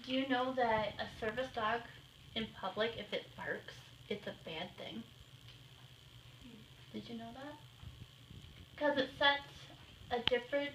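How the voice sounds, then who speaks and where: Bright-voiced woman talking patiently to children. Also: on the high side. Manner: plain, patient explaining, pausing to give dog commands. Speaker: guest speaker with a guide dog. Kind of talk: casual talk to children. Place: indoors in a home. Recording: roomy, distant home-video sound with faint noise.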